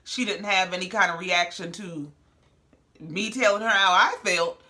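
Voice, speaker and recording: A woman's voice: fairly low pitch, normal speed, pushed and bright. A woman hosting a reality TV recap, talking in a sassy, blunt, slangy way. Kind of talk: casual commentary.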